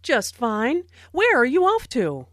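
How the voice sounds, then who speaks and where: An actress voicing a friendly woman greeting a friend in a scripted textbook dialogue, with lively, expressive intonation. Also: high voice, takes it slowly, no echo, studio quality, full character voice.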